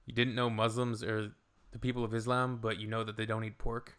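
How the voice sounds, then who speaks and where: A man's voice: on the low side, flat delivery, a little fast, a bit bright, clear, resonant tone. A man from Canada hosting a reaction video, making wry, joking asides. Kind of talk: casual reaction commentary.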